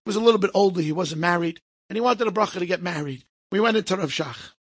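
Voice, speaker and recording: A man telling stories to an audience in a lively way, acting out the people in them and slipping in Hebrew phrases. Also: high voice, fast, breathy edge. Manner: lively, acts out quoted speech, sprinkles Hebrew phrases. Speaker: storyteller. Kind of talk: animated storytelling to an audience.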